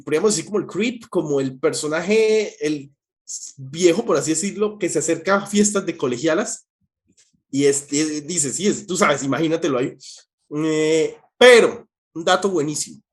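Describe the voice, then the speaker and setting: A man hosting an interview, switching between Spanish and English and laughing often. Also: fairly high pitch. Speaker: host. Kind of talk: casual bilingual interview.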